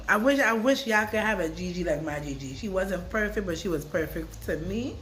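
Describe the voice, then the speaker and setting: A woman vlogger at a middle pitch talks straight to camera, rambling and repeating herself. She drops soft, then gets loud and animated. A faint hum of noise sits behind her. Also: fairly quick. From Brooklyn. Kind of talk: casual emotional vlog talk.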